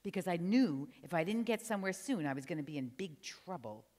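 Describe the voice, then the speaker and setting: A woman's voice: lowish voice, brisk. An older woman from New Jersey telling a funny story on stage, chatty and teasing her audience. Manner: animated, chatty, teases the audience. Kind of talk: humorous live storytelling. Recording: long hall reverb.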